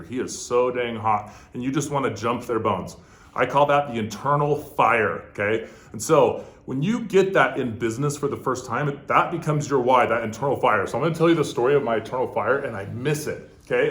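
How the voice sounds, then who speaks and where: A man telling a business story with punch, acting out both sides of the conversation. His voice sits at a middle pitch. The room around him is echoey. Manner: animated, emphatic, acts out dialogue, frequent "okay?". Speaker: guest entrepreneur.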